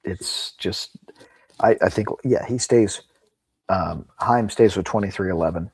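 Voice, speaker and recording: A man with a low, husky voice co-hosts a relaxed podcast conversation. He rambles, restarts his sentences and jumps in with eager agreement. His voice sounds close and dry, with no room sound around it. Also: unhurried, no room sound. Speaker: podcast co-host. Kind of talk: casual chat.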